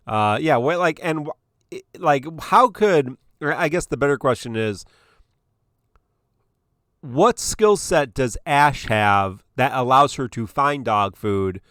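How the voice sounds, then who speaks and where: A man's voice: mid-range voice, lively intonation, measured pace, fairly bright tone, clear, resonant tone, dry recording, studio quality. A man co-hosting a gaming podcast, chatting casually and meandering with many fillers and restarts. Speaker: podcast co-host.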